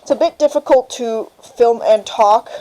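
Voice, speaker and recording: A young woman explains her routine in a relaxed, unhurried way, her voice mellow and a little higher than most. She records on a handheld camera at home, and her phrasing is plain and patient. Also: low-quality recording. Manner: calm explaining, high sing-song praise to puppy. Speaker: dog breeder. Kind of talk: casual instructional vlog. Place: home kitchen, indoors. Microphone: handheld camera mic.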